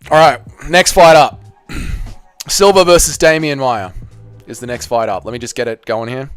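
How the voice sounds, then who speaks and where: A man's voice: mid-range voice, moderate pace, smooth, no room sound, faint music behind. A man hosting a live MMA reaction stream, chatting loosely with viewers and swearing freely.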